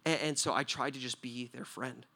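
A man preaching a sermon with a bright, ringing voice. He swings between loud, emphatic points and hushed storytelling. He keeps checking in with the room, tossing out a quick "right?". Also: mid-range voice, fairly even intonation, creaky. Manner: talks to the listeners directly with frequent "right?".

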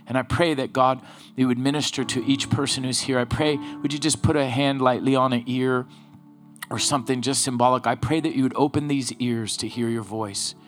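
A man's voice: mid-range voice, fairly even intonation, fairly quick, soft background music. A middle-aged man preaching as a pastor, earnest and pleading, often repeating his words while leading a congregation in prayer. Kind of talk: sermon with altar prayer.

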